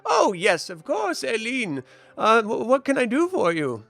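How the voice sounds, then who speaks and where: A man putting on a high, stammering old alchemist. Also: wildly swooping pitch, measured pace, creaky, fairly bright tone, no room sound, soft background music, full character voice. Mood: flustered. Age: older. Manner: stammering, fawning. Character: fussy old male alchemist shopkeeper.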